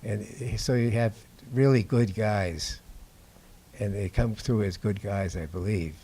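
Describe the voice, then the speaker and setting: Older man, documentary filmmaker, lowish voice, warm dark tone, halting unhurried anecdotes, talk to an audience. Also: breathy edge. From Boston, USA. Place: indoor screening before an audience.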